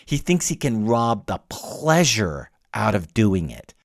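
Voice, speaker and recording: Male podcast lecturer, expressive pitch swings, dry close recording, wry and animated. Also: slow pace, vocal fry, dry recording. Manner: animated, lively emphasis with wry laughs. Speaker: podcast host and literature teacher. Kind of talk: lecture-style close reading.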